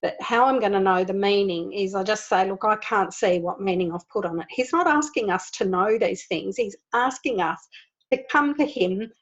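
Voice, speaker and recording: A woman leading a spiritual discussion over a video call. She speaks at a middling pitch, earnest and animated, and she laughs often. The audio is slightly dull and lo-fi. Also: moderate pace. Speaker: spiritual group leader. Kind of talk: informal spiritual talk.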